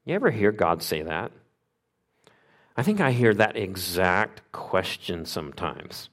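A middle-aged pastor preaches conversationally, asking the congregation questions and acting out quoted voices. His mid-range voice is very animated, with a measured pace and frequent pauses.

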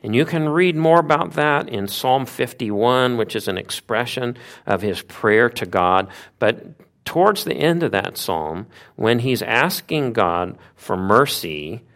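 A man preaching a sermon, retelling a Bible story with lively asides and rhetorical questions. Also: medium pitch, takes it slowly, gravelly.

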